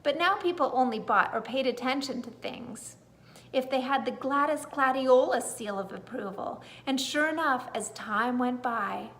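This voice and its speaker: A woman reads a children's bedtime story aloud with a gentle, expressive delivery. Her voice sits fairly high. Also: normal speed. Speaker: storybook reader.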